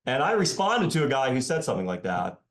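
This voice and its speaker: A man in his fifties, an economics professor, talking in a podcast interview in a sarcastic, animated way. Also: medium pitch, fast, roomy sound. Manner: animated and sarcastic, voicing his critics mockingly. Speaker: economics professor and author, guest.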